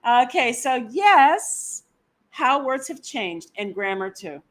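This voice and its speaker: A woman's voice: high voice, very animated, slow, a bit bright. A woman from the United States hosting a casual live stream, enthusiastically reading out and reacting to viewer comments. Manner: enthusiastic, exclamatory. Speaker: co-host of a travel live stream.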